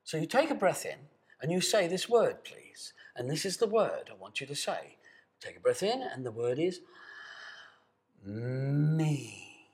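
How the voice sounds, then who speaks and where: A man teaching a guided voice and breathing exercise, speaking to camera in a calm, coaxing way and demonstrating sustained sung tones. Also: fairly high pitch, moderate pace. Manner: calm, coaxing, addresses the viewer directly. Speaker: voice and meditation teacher.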